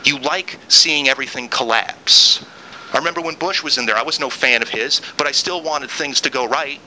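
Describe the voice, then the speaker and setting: A man's voice: mid-range voice, moderate pace, bright, forceful tone, a little hiss or hum, low-quality recording. A man hosting a podcast, delivering an angry solo political rant with sarcastic mock quotes. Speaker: podcast host.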